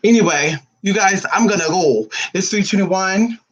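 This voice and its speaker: A man vlogging casually from home, sassy and profane, cooing baby talk at his dog, his voice a little hoarse. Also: high voice, moderate pace, highs cut off. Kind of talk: casual chat to camera.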